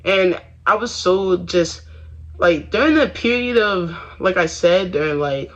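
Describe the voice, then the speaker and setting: A young man tells his story in a loose, slang-heavy, rambling way, stopping and restarting his sentences. His voice sits a little high and sounds sharp and bright. The sound is dull and lo-fi. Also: animated, measured pace. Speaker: vlogger. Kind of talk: casual confessional talk.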